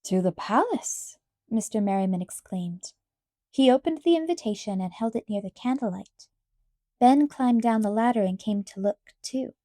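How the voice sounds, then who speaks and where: A woman reading an audiobook aloud, narrating a children's story in a calm, clear way. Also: on the high side, normal speed, dry recording, clean studio sound. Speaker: audiobook reader.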